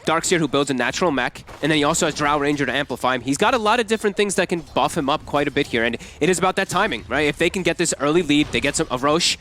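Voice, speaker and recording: A man casting a competitive match in a rapid, excitable stream of analysis with a slightly raised pitch. He keeps a light, joking tone between the numbers. Faint background noise sits under the voice. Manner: quick, excitable, analytical, laughs at own jokes. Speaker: esports caster. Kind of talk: esports commentary.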